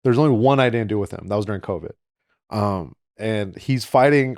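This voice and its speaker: A man telling a story in casual podcast chat, animated, acting out voices and laughing often. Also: fairly low pitch, brisk, no room sound, studio quality. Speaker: podcast co-host and fight coach.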